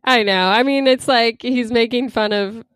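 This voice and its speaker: A woman in casual conversation, chatty and quick to laugh, with lots of fillers. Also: a little high, a bit bright, no echo. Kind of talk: casual chat about news.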